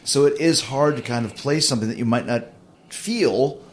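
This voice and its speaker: A man in his fifties hosting a podcast, asking questions in a relaxed, conversational way. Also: mid-range voice, normal speed, a little hiss or hum. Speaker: podcast host, interviewer. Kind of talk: casual podcast interview.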